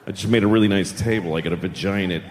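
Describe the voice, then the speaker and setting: A middle-aged man from the Boston area doing stand-up comedy in a deadpan, sardonic, conversational way. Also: deep voice, very fast, big-room sound, slight background noise. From Boston area, United States.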